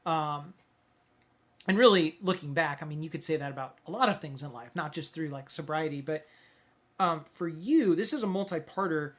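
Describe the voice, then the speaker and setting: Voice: medium pitch, moderate pace. A podcast host interviewing a guest, affirming often and asking long, multi-part questions in a chatty way.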